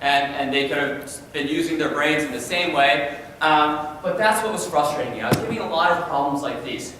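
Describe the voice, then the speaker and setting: A male high school science teacher giving an energetic, animated conference presentation, often repeating words as he starts a sentence. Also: normal speed. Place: large conference room. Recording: echoey hall from far off, faint noise.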